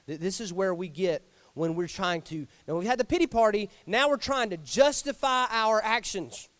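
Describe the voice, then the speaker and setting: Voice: mid-range voice, moderate pace, few pauses, dry recording. A preacher delivering an emphatic Sunday sermon in church and acting out the lines they quote. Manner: animated, emphatic, acts out quotes. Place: church sanctuary.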